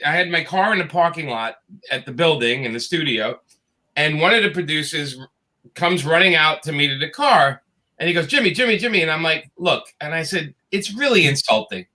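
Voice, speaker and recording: A man's voice: fairly high pitch, moderate pace. A middle-aged man, a guest comics creator, telling a casual story and acting out the dialogue in it. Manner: animated, acts out quoted dialogue.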